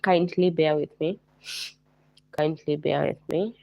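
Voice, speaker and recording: A Kenyan woman hosts a casual livestream chat in a low, mellow voice. She is hoarse from a flu and repeats herself as she greets viewers by name. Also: fairly even intonation, slow, highs cut off. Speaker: livestream host.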